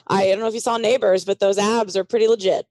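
Fast, rambling female co-host, filler-heavy chat; dry close sound. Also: medium pitch, fairly even intonation, a little mellow, dry recording. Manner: chatty, rambling, lots of "like". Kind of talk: casual pop-culture chat.

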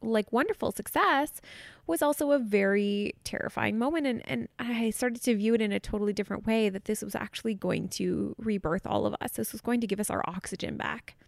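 A woman's voice: mid-range voice, fairly quick, creaky, dry recording. A woman in her thirties hosting a podcast and telling a personal story candidly, choked up and close to tears. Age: 30s. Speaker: podcast host.

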